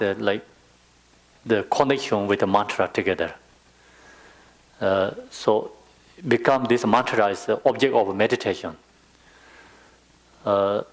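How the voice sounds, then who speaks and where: A man with a Tibetan accent teaches meditation in an unhurried, patient way, his voice sitting on the lower side. He talks slowly, with plenty of pauses and small fillers. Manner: slow, patient, non-native phrasing with many fillers. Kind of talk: dharma teaching.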